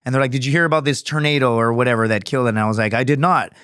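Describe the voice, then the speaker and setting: A man in his thirties tells stories in a loose, rambling way, full of swearing and sudden tangents. His voice sits at an ordinary middle pitch. The sound is close and dry, with no room behind it. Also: racing, fairly bright tone, clean tone, no room sound. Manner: rambling, profane, jumps between stories. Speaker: podcast guest, former Marine scout sniper and comedian. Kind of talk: casual storytelling chat.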